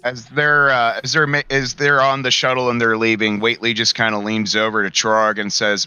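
A man's voice: mid-range voice, normal speed, few pauses, smooth, no echo. A man voicing his character and narrating his moves in a tabletop role-playing game. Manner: relaxed storyteller, drops into character quotes. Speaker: player. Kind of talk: tabletop role-play chat.

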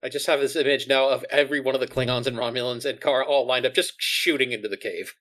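A man's voice: medium pitch, fairly even intonation, fast talker, a bit bright. Dry-joking man at a game table. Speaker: player. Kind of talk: casual tabletop game talk.

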